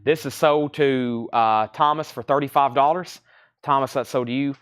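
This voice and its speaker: Man with a smooth voice selling records. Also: medium pitch, steady tone, fairly bright tone. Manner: brisk, repeats titles and prices as he lists them. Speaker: record seller hosting a live sale. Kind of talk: live online sales stream.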